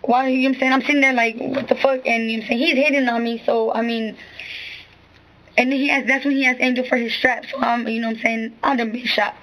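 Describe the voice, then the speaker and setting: A woman's voice: a little high, flat delivery, fast talker, fairly bright tone, rough recording. Rambling slangy woman telling a story. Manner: rambling, repeats "you know what I'm saying"; street slang, swearing. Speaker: witness giving a statement. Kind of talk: recounting events to an interviewer.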